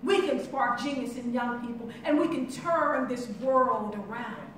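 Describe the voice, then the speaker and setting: A woman's voice: a little high, measured pace, a little hiss or hum. A woman giving an impassioned conference speech and telling stories with rising and falling intensity. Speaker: keynote speaker. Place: conference hall. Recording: echoey hall from far off.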